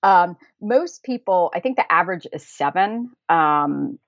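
An American woman, appearing as a guest, tells travel stories in a chatty, casual conversational way, laughing often and filling her sentences with fillers and restarts. Her voice is fairly low, animated and creaky, at a measured pace. The recording is muffled with no room sound.

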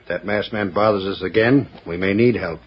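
A man's voice: on the low side, a little fast, breathy edge. An actor playing a sly male crook who puts on a fake Cockney accent, on a dull 1940s radio broadcast. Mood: nervous. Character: sly male crook faking English manners.

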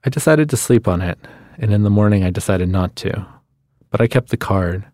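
A man reading a literary short story aloud in a measured storytelling manner, on a studio microphone. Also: lowish voice, darkish tone, dry recording. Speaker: guest reader.

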